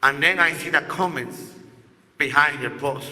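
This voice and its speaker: A man from Guatemala, a native Spanish speaker, telling a story on a festival stage in an expressive, animated way. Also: on the high side, a little slow. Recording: echoey hall reverb.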